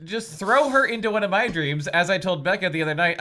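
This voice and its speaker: A man's voice: high-pitched, expressive, a little fast, pushed and bright. A man hosting a podcast in casual chat, joking and laughing often. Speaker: podcast host.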